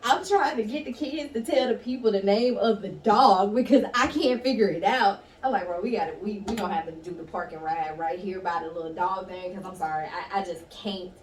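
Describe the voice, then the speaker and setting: Woman, animated storyteller, distant mic in a roomy space. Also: medium pitch, a little fast, hardly any pauses. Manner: animated, laughing, acts out quoted voices. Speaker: guest storyteller. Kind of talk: casual storytelling chat. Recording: echoey room, distant mic, faint noise.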